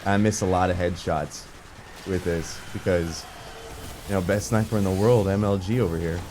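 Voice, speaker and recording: Young man, lowish voice, casual gameplay commentary, rambling, excitable, lots of fillers. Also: normal speed, a little hiss or hum. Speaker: gaming video creator.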